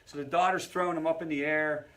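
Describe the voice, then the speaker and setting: A man's voice: a little high, steady tone, fast, fairly bright tone. Man teaching a support group. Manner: engaging, checks in with the audience often; conversational, storytelling asides. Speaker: family recovery group facilitator.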